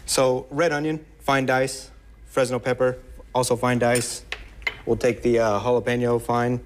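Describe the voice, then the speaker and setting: A man, a chef, demonstrating a recipe on morning TV, relaxed and halting with many fillers. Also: mid-range voice, slight background noise. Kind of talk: cooking demo on morning TV.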